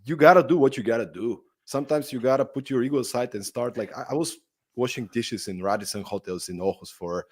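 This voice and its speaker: Male podcast host, casual interviewer, conversational, mid pitch. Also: fairly quick. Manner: friendly, conversational, says "right?" and "like".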